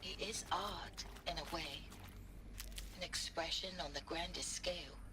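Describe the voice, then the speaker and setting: In a game audio log, a solemn, troubled art historian. Her voice sits a little low and her delivery is measured. A clear hiss runs under the recording.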